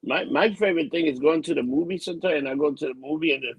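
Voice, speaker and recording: A man's voice: on the high side, very fast, slightly rough, no room sound, rough recording. A man co-hosting a podcast, venting bluntly and with lots of swearing in casual chat. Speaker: podcast co-host.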